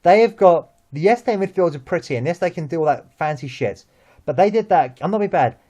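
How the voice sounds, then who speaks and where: A young man with a London accent, chatting about football as host, lively and full of restarts and repeated words. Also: fairly high pitch, a little fast, muffled recording. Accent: London English. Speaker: vlog host. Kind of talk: casual football chat.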